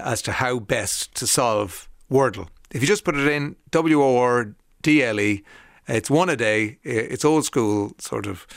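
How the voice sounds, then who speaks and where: A man's voice: medium pitch, a bit bright, no echo, studio quality. An Irish man presenting a radio show, chatting casually through anecdotes with frequent fillers and restarts.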